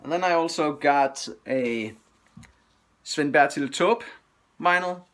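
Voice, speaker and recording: A man's voice: a little high, slow pace, fairly bright tone. Guy rambling happily about his vinyl haul, casual and eager. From Denmark. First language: Danish. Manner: enthusiastic, chatty record reviews. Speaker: record collector vlogger. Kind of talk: casual chat.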